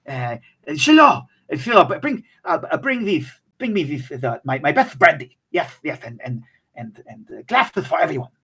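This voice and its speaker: A man voicing a frail, excitable old male scholar with a malformed mouth, who is fussy, stammers, and keeps saying "yes". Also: mid-range voice, unhurried, pauses often, husky, rough recording. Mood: delighted.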